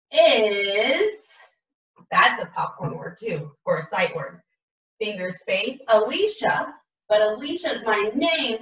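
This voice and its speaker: Lady teacher sounding out letters real slow for little kids, kinda high voice, far off, echoey, muffled. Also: pushed and bright. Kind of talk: early-grade writing lesson, modeling aloud.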